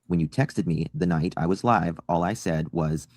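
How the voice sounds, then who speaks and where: A man calmly and insistently reading out an email he sent, correcting claims about himself. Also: low voice, moderate pace, no room sound, clean studio sound.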